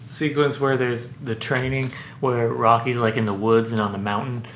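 A man's voice: mid-range voice, level tone, moderate pace, fairly bright tone. A man co-hosting a podcast, chiming in with wry jokes and teasing corrections. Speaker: podcast co-host. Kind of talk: casual comedic chat. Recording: echoey room with faint noise.

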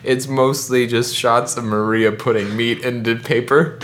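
A man co-hosting a podcast, rambling through an animated, joking recap of a movie. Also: medium pitch, measured pace, slight background noise. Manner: rambling, animated storytelling with laughs. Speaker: podcast co-host. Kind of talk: casual comedic chat recapping a movie.

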